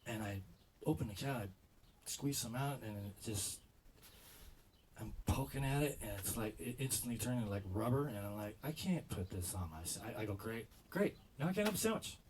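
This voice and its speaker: A man doing a stand-up routine, rambling and stammering as he tells stories, jumping into loud quoted voices. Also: lowish voice, moderate pace, slight background noise, low-quality recording. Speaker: stand-up comedian.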